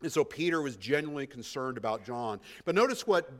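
A man preaching an expository sermon, emphatic, swinging between hushed asides and loud stresses, often repeating words as he thinks. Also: medium pitch, sing-song, fairly quick. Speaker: pastor.

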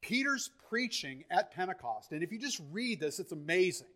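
A man preaching a sermon with fervor, repeating and restarting phrases as he builds to loud, emphatic peaks. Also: high voice, very animated, normal speed.

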